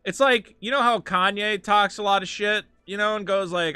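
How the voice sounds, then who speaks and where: A man's voice: sits high, moderate pace, few pauses, bright, forceful tone, clear, resonant tone, no echo. A man hosting a live game stream, ranting with profane, sarcastic commentary from his home setup. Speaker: streamer host.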